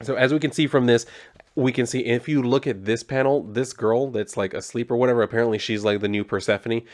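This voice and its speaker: A young man giving a casual comic book review, rambling and relaxed with plenty of fillers. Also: medium pitch, brisk.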